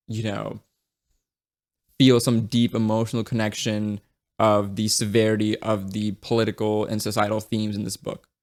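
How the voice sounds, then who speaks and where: A man giving a casual, blunt book review, swearing freely and often restarting his sentences. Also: fairly low pitch. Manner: blunt and profane, with frequent restarts.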